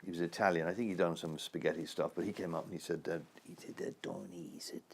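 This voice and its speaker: A man in his sixties with a very low, deep voice talks about his acting life. He rambles from one anecdote to the next and chuckles as he goes. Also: steady tone, fast talker, vocal fry, a little hiss or hum. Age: 60s. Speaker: actor. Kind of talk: interview answers.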